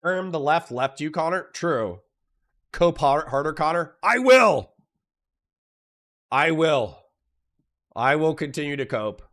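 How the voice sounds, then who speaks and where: Brash young male streamer debating, fairly high voice, blunt and foul-mouthed, rattles through his points. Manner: blunt, profane, rapid-fire arguing. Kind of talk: heated online debate.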